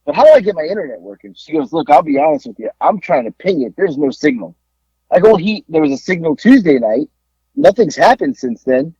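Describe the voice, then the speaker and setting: A man co-hosting a podcast, telling a story in a casual, animated way and acting out the people he talked to on the phone. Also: fairly high pitch, a little fast, husky, no room sound. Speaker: podcast co-host. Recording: dull lo-fi dry sound.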